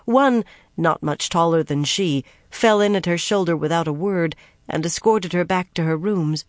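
An audiobook narrator reading fantasy prose in an even, steady way. The voice is close and completely dry, with nothing behind it. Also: medium pitch, no room sound.

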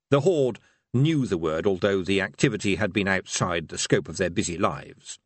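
A man reading a story aloud as narrator, with a wry, expressive delivery. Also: low-pitched, normal speed, husky, no room sound. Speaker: audiobook narrator. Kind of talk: scripted narration.

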